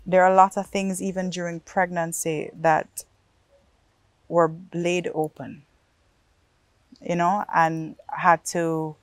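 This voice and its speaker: A woman talking about her life as an interview guest, heartfelt and pausing thoughtfully between phrases. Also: lowish voice, no echo.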